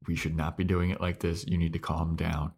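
A man's voice: deep voice, flat delivery, brisk, darkish tone, breathy edge. A man voicing a young female hero, pleading in a mock-reasonable way. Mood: firm.

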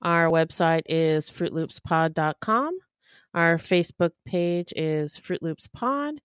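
A woman co-hosting a podcast in casual chat, speaking in a calm, practical, matter-of-fact way. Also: fairly low pitch, clear, resonant tone, no room sound, studio quality. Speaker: podcast co-host.

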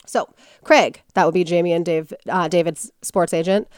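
A woman's voice: fairly low pitch, fairly even intonation, moderate pace, a little mellow, no room sound, clean studio sound. A woman hosting a podcast, telling a story in casual chat and acting out quotes in character voices.

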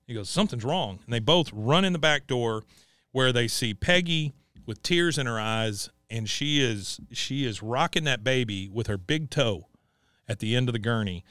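A man's voice: medium pitch, expressive, normal speed, fairly bright tone, clean tone, no echo. A man co-hosting a casual podcast, recapping a cartoon episode and acting out the characters' lines. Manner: retells scenes, acting out characters' lines in raised voices. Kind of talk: casual chat.

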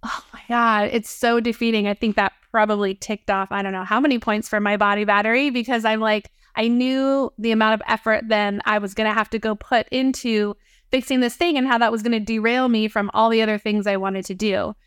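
Female podcast co-host, chatty and expressive, smooth clear voice, dry recording. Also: fairly high pitch, brisk, no echo. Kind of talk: casual conversational podcast.

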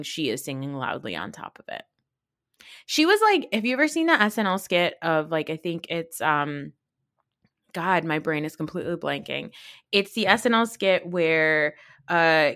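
A woman's voice: deep voice, a bit bright, no room sound, clean studio sound. A woman hosting a podcast, giving casual, snarky commentary on a reality show and swearing freely. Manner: chatty, snarky, swears freely, laughs often. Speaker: podcast host.

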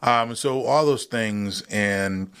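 A man's voice: lowish voice, takes it slowly, a bit bright, smooth. A young man, a guest in a casual interview, telling a long personal story with many fillers and restarts.

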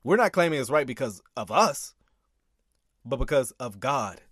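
A man gives animated reaction commentary, pushing back on a preacher with emphatic repeats and bursts of laughter. His pitch swings widely as he argues. The sound is dry and close. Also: moderate pace, husky, no room sound. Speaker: commentator reacting to a sermon clip. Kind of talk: reaction commentary with scripture reading.

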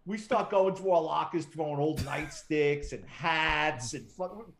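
A middle-aged man with a somewhat high voice tells old work stories as an interview guest. He swears freely, cracks jokes and slips into other people's lines as he acts out quotes. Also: measured pace, gravelly, fairly bright tone. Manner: profane, wisecracking storyteller who acts out quotes. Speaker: retired police detective, guest. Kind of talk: casual storytelling interview.

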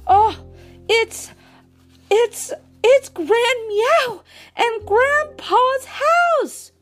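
An excitable male house cat , put on by a woman reading a storybook aloud, with a much higher voice than her own, squeaky and breathless. He blurts out exclamations and meows, always jittery, with faint music under the reading. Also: drawn-out words, full character voice. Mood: delighted.

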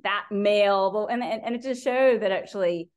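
Animated American woman professor. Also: a little high, brisk. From United States. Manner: animated, quotes critics in mocking voices. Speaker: professor and guest. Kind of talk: conversational interview.

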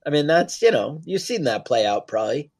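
A man's voice: a little high, big pitch swings, a little fast, a little mellow, husky. A man co-hosting a podcast, talking casually in rambling, joking asides. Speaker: podcast co-host.

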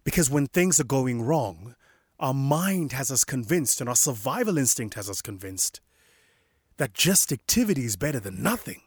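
A young adult man giving a reflective spoken meditation in a slow, measured way, softly emphatic and sometimes dropping to a whisper. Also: medium pitch, big pitch swings, breathy edge, dry recording, clean studio sound. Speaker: inspirational speaker.

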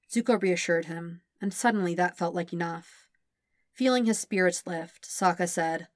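A woman reading a fan fiction audiobook in a steady, gentle storytelling manner. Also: fairly low pitch, moderate pace, no echo, studio quality. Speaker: podfic reader.

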